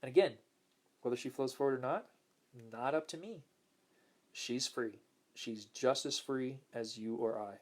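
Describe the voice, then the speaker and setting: A man hosting a casual spiritual talk, speaking gently and smoothly, repeating words for emphasis and reading viewer comments aloud. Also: measured pace, pauses often. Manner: acts out quoted lines in a higher voice. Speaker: host.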